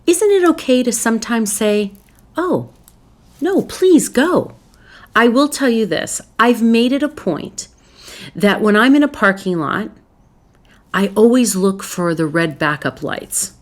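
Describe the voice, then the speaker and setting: A woman psychologist hosting a solo advice talk, speaking earnestly and telling stories from her own life, with some restarts along the way. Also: mid-range voice. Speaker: psychologist host.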